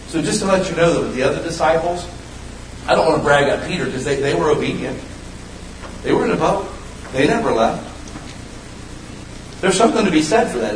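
A male pastor preaches with a lot of energy, jumping from loud, high outbursts to quiet, low asides. His voice sits on the high side for a man. The room is echoey, and the mic picks him up from some distance, with a faint background hum. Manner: animated, swings from loud high bursts to low hushed lines. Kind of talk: sermon. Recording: roomy echo, mic at a distance.

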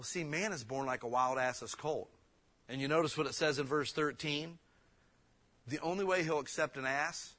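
A man preaching a casual, joking sermon, slowing down to read old scripture verses and breaking into loud emphatic bursts. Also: medium pitch. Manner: reads King James verses slowly. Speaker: pastor.

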